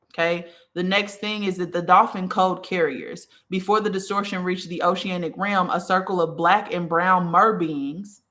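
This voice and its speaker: A woman with a somewhat low voice gives a casual spiritual teaching talk as host. She speaks earnestly and straight to the listener, often checking in with "okay?" and going back to restart her phrasing. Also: steady tone, normal speed, fairly bright tone.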